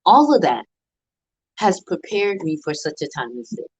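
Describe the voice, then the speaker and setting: A woman's voice: lowish voice, sing-song, moderate pace, darkish tone, husky, no room sound, low-quality recording. A middle-aged woman giving an earnest motivational talk on a live stream, with a preacher-like rhythm of repeated phrases. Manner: earnest, preacher-like cadence with repetition. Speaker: motivational speaker.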